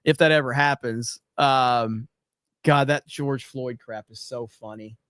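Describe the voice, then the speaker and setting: A man's voice: medium pitch, steady tone, measured pace, fairly bright tone, clear, resonant tone, dry recording, clean studio sound. A man hosting a casual livestream, reading viewer chats aloud and reacting in a loose, profane way with frequent laughter.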